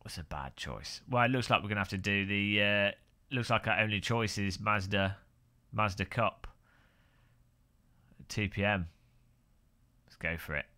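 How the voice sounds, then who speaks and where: A man's voice: fairly low pitch, fairly even intonation, moderate pace, long pauses, bright, forceful tone, smooth. A man hosting a casual live stream, rambling and joking while greeting viewers by name.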